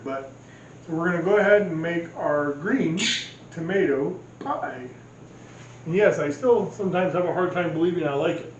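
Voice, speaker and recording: A man's voice: on the high side, slight background noise. A man hosting a casual cooking vlog from his home kitchen, rambling and joking at his own expense. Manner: rambling, jokey, self-deprecating. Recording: echoey, slightly dull home recording.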